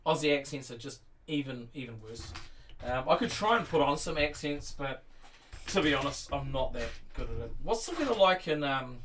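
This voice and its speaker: A man's voice: medium pitch, animated, normal speed, fairly bright tone, recorded from a distance, slight background noise. Rambling New Zealand man chatting on stream. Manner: rambling and friendly, many fillers and restarts, reads chat aloud. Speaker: Lego streamer. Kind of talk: casual live-stream chat. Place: home room full of Lego sets.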